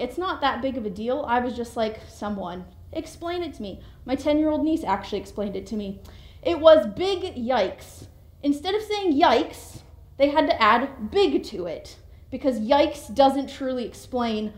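Chatty young woman preaching, echoey room. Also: high-pitched. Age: young adult. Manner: chatty, conversational, animated asides. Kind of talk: sermon.

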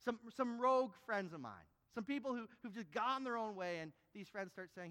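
A man delivers a sermon in a high voice, dropping to soft asides and then rising to loud, insistent emphasis. His words ring out with a long reverb, as in a large church hall. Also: moderate pace, few pauses. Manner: animated preaching, swinging from quiet to loud and emphatic. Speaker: pastor.

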